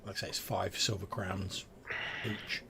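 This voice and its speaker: A man runs a tabletop game, describing scenes in loose, rambling narration. His voice is gravelly, with faint noise in the background. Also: sits low, flat delivery, unhurried. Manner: loose, filler-heavy narration. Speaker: game master.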